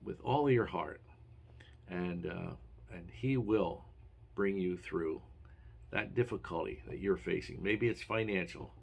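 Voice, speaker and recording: A man's voice: deep voice, measured pace, creaky, darkish tone, slightly rough. A man giving a short devotional message as a pastor, earnest and encouraging, with occasional hesitations.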